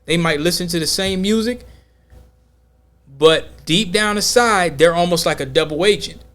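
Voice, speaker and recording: A man hosting a podcast, talking in an emphatic, slangy, animated way during a casual debate. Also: high voice, moderate pace. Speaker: podcast host.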